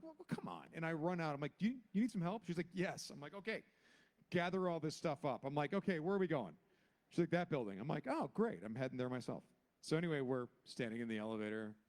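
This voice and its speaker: A man in his forties on a convention panel, telling a long anecdote and acting out each character with big jumps in his voice. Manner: acts out every character with big pitch jumps. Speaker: guest actor on a convention panel.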